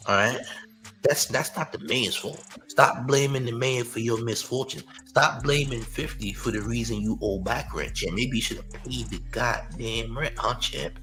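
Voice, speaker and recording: A man's voice: mid-range voice, normal speed, sharp tone, poor audio. A man hosting a live-stream news show, mocking a critic in loose slangy commentary and leaning on "champ" and "you heard".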